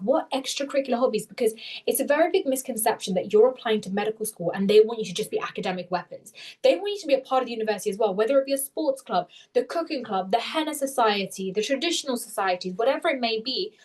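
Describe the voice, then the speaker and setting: A young woman coaching applicants through a live webinar over a video call. Her voice sits fairly high and she moves quickly, correcting herself as she goes. She sounds eager to explain. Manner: fast, animated, self-correcting explanations. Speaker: interview tutor.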